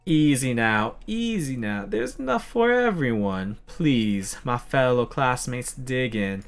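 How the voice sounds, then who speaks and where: A folksy old Southern colonel with a put-on country accent, drawling and grandly formal, as a man puts him on. The voice swings widely in pitch. Faint music sits underneath. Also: expressive, slow. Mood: soothing. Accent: put-on American Southern country.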